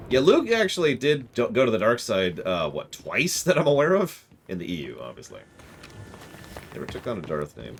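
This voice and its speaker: A man's voice: on the low side, huge pitch swings, brisk, background noise. A man streaming a video game, rambling and joking about game lore in casual chat.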